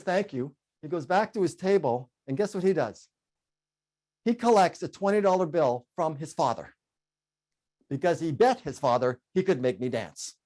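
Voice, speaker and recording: A middle-aged man giving a humorous keynote speech to an online audience, telling stories with bursts of singing and laughter. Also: on the high side. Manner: animated storyteller, bursts into sung "oh yeah" and laughs. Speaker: keynote speaker.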